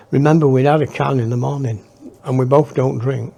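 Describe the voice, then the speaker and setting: A man's voice: medium pitch, fairly even intonation, brisk, creaky, warm tone. A man telling his memoir in a rambling, reflective way. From northern England. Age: 60s. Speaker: storyteller. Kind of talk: memoir storytelling.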